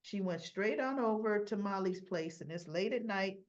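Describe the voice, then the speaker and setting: A woman's voice: medium pitch, normal speed, lo-fi sound. Chatty, sassy woman recapping a soap. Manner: chatty, sassy, acts out the characters' lines. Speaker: soap opera reviewer. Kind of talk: casual episode recap.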